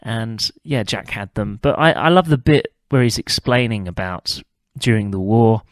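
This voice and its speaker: A man's voice: lowish voice, moderate pace, no echo, studio quality. A man hosting a podcast, casually chatting about a TV episode and tacking on tag questions. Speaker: podcast host.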